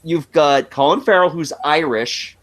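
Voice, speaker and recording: A man co-hosting a podcast, chatting casually about a movie, halting and quick to laugh. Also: on the high side. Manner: laughs easily, lively, halting. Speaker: podcast co-host. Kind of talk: casual movie review chat.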